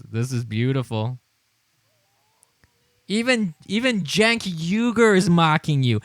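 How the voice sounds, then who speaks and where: A man's voice: on the high side, very animated, measured pace, pauses often, no room sound. A man hosting a casual livestream, reading replies aloud with frequent laughter, disbelief and stumbling restarts. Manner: laughing, incredulous, rambling with restarts. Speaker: livestream host.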